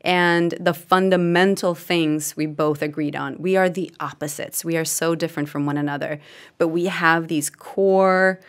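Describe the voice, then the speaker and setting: A woman in her thirties, a podcast guest, giving earnest, heartfelt advice on partnership in a casual conversation. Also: sits low.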